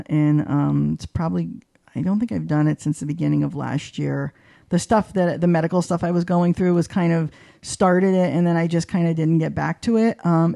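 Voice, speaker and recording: A woman talking casually in an interview, with a gravelly edge and a mellow, dark tone. She is chatty and animated, full of fillers, and her pitch jumps whenever she acts out what other people said. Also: no room sound, clean studio sound. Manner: voices quoted people with big pitch jumps. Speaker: guest, arts journalist.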